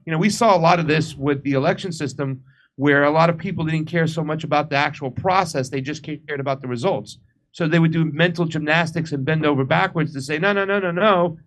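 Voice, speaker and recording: A man as a guest on a political talk show, agreeing and explaining in a steady way. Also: fairly high pitch, brisk. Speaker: guest co-host. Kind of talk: political commentary chat.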